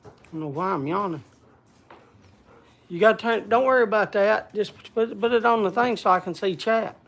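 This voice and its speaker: Gravelly-voiced man, casual livestream host, chatty and easygoing, greets viewers by name. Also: high-pitched, normal speed, a bit bright. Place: log cabin in the woods.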